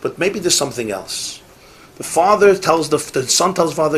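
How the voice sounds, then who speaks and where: A man's voice: a little high, animated, moderate pace, fairly bright tone, a little hiss or hum. Emphatic man teaching a Torah class. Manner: emphatic, repeats key phrases, mixes in Yiddish and Hebrew words.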